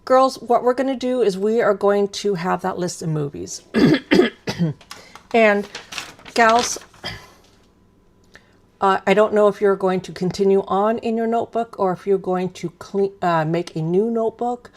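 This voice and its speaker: Chatty woman in her fifties with gravelly voice. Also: medium pitch, measured pace, pauses often. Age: 50s. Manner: chatty, rambling, self-deprecating, many ums. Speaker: craft live stream host. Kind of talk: casual live stream chat.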